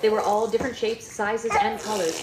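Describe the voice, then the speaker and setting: A woman hosting a live book club, reading a novel aloud at home in a lively, expressive way. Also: medium pitch, fairly quick, roomy sound, a crowd in the background.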